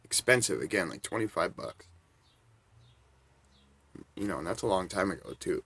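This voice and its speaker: Forties male storyteller, casual and rambling, low voice with a bright, forceful edge. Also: lively intonation, moderate pace, slightly rough. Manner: rambling, chuckling between bits.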